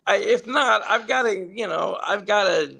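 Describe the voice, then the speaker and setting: A woman's voice: mid-range voice, normal speed, creaky, fairly bright tone, husky, voice pushed up. A man voicing an impatient woman who books guests for a TV show, curt and swearing. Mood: exasperated. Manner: exasperated, swearing. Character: blunt, impatient female TV show booker.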